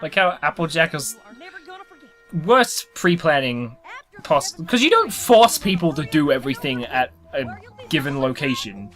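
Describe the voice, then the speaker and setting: A man's voice: fairly high pitch, very animated, a little slow, a bit bright, soft background music. A man giving casual, joking commentary on a cartoon episode, laughing often and slipping into silly voices. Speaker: commentary co-host.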